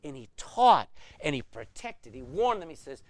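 A man's voice: a little high, very animated, moderate pace, no room sound. A man preaching a sermon as pastor, emphatic and full of rhetorical questions.

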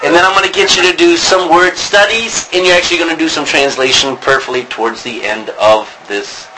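A man's voice: fairly high pitch, a little fast, sharp tone, a little hiss or hum, low-quality recording. A man teaching a class on biblical Greek, rambling with many ums and restarts. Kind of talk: classroom lecture.

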